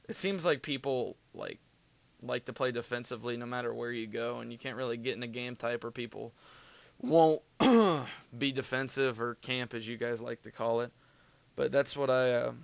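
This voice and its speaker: A young man talks loosely over his gameplay footage, full of fillers and casual swearing. His voice is gravelly yet smooth and clear. The sound is dry and close to the mic. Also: medium pitch, no echo. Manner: rambling, filler-heavy, profane. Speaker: gaming video commentator.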